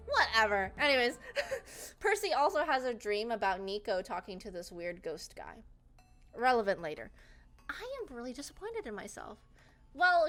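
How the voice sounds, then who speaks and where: A woman's voice: fairly high pitch, a bit bright. A young woman casually retelling a book's plot to friends, rambling and swearing, with lots of "um" and "like" and frequent laughs. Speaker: presenter. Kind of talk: casual comedic plot summary.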